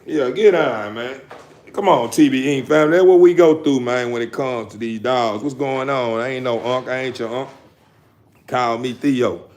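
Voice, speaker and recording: A man's voice: mid-range voice, normal speed, darkish tone. A man hosting a casual livestream to his viewers, talking in loose, repetitive street slang with frequent stammers. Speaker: dog-breeding channel host.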